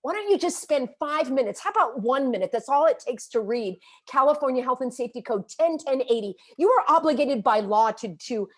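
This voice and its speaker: An upset, agitated woman delivers a vlog rant straight to her viewers. Her voice sits high and swings widely as she scolds and calls people out, every point pressed with emphatic indignation. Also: lively intonation, brisk, few pauses. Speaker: vlogger and activist. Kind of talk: impassioned direct-to-camera rant.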